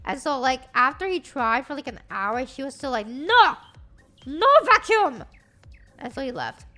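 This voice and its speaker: Woman, high bright voice, animated and swearing, livestream chat, faint music behind. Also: a little fast. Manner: animated, profane storytelling. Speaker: streamer.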